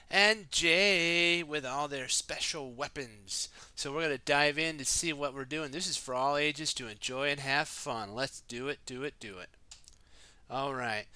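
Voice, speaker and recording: This storybook reader has a slightly high, smooth voice and takes things a little slowly, with no room sound in the recording. Reading a children's book aloud in a relaxed way, he chats and poses questions to the listener. The heroes' lines come out as excited shouts.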